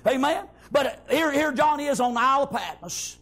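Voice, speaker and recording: A man preaching a fervent sermon, breaking into shouts and punctuating lines with amens. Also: very high-pitched, animated, a little fast.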